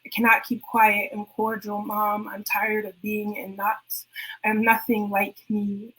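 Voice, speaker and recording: A woman performing her spoken word poems at an online open mic over a video call, reciting softly and deliberately. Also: medium pitch, monotone, slightly rough, poor audio. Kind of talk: spoken word poetry reading.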